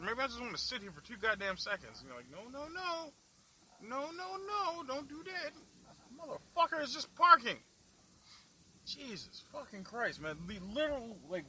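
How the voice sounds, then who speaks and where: Young male vlogger, high, very bright and forceful voice, profane angry rant recorded in a car with faint road noise. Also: low-quality recording. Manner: angry, foul-mouthed, laughing at himself. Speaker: vlog host. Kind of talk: profane ranting while driving. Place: in a car in the city.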